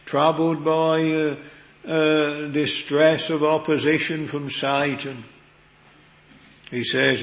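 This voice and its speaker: Slow earnest preacher in echoey chapel. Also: male voice, on the high side, a bit bright. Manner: slow, earnest, old-fashioned preaching with biblical quotations. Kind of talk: sermon. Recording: echoey hall with long reverb.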